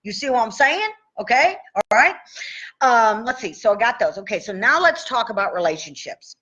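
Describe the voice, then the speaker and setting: A woman's voice: a little high, big pitch swings, moderate pace, sharp tone, lo-fi sound. A woman coaching tapping in a casual live stream, chatty and checking in with "okay?" after each point. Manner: chatty, says "okay?" often.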